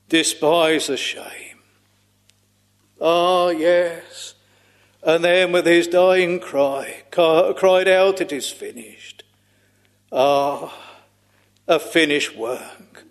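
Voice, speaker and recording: A man's voice: on the high side, steady tone, big-room sound. A man preaching a solemn sermon, drawing out his phrases and sighing "ah" between them in old-fashioned scriptural language. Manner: slow, solemn, drawn-out preaching with frequent sighing "ah"s.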